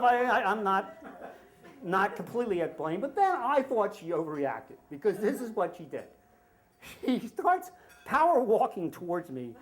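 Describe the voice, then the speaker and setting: A middle-aged American man telling a comic story live at a story slam, acting out the shouted quotes. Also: high voice. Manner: animated, acts out shouted quotes. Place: live venue with audience laughter.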